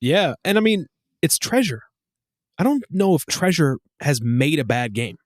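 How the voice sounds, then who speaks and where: A man in his thirties co-hosting a casual podcast, telling animated stories with lots of swearing. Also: measured pace, no room sound, clean studio sound. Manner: animated storyteller, swears, acts out quotes in high voices. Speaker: podcast co-host. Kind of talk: casual chat.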